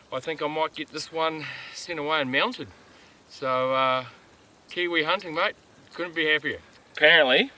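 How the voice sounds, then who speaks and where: A man talking to camera during a mountain hunt, relaxed and chatty, with plenty of ums and uhs, recorded outdoors on a steep slope. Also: medium pitch, low-quality recording. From Australia. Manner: relaxed, chatty, lots of filler words. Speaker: hunter filming a hunt. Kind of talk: casual on-camera hunting vlog.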